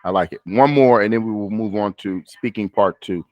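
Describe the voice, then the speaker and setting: A man's voice: fairly low pitch, normal speed, no echo, lo-fi sound. A man tutoring a student in spoken English, patient and coaching, often stopping himself mid-sentence. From United States. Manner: patient, coaching, self-interrupting. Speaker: speaking tutor. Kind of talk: one-on-one practice session.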